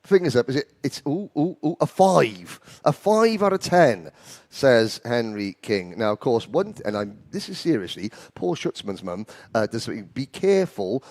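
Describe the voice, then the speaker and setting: A man doing live karting commentary from a studio, chatty and jokey, quick to laugh. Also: mid-range voice, big pitch swings, darkish tone, no room sound. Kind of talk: live race commentary and banter.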